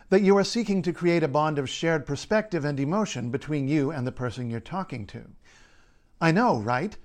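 A man, a linguist, reading a scripted explainer in a measured, playful way. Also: a little high. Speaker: linguist and writer.

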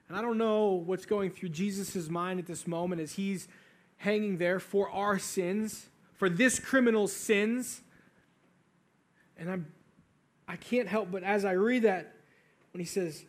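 A man's voice: sits high, unhurried. A man preaching a sermon, reading scripture and retelling it earnestly, building to fervent emphasis. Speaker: pastor.

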